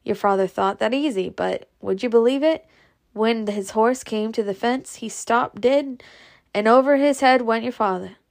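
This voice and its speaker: A woman voicing a calm, kindly Southern gentleman near seventy, soft and reassuring in manner. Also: on the high side, moderate pace, creaky.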